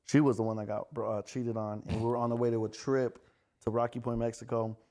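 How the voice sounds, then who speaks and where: An American man, a club promoter, telling stories on a podcast in a quick, profane, animated way. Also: medium pitch. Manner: fast, profane, animated storyteller. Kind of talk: casual storytelling chat.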